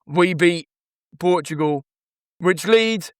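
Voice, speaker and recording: A man muses aloud as he works through football predictions, listing team names and hedging his picks. His voice sits a little on the high side. The recording is close and dry, with no room sound. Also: very animated, measured pace, fairly bright tone, smooth, no echo. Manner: musing, hesitant, rattles off lists of team names. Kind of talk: casual thinking-aloud commentary.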